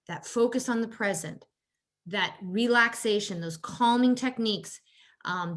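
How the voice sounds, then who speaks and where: Conversational woman giving a coaching workshop. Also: a bit bright. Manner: conversational, frequent "you know" and "right?" tags; acts out quoted exchanges in a higher voice. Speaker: holistic health coach. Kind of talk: workshop presentation on caregiver stress.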